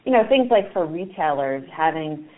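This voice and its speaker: A woman with a low-pitched, expressive voice answers radio interview questions about marketing tools at normal speed. She's enthusiastic but hesitant, with many fillers and restarts, and the sound is narrow and phone-like.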